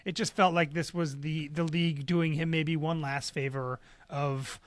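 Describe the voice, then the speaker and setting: A man co-hosting a sports business podcast, laying out his views in a measured, analytical way. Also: fairly high pitch, fairly even intonation, dry recording. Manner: measured, analytical, some hesitations. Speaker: podcast co-host. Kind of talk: casual sports business chat.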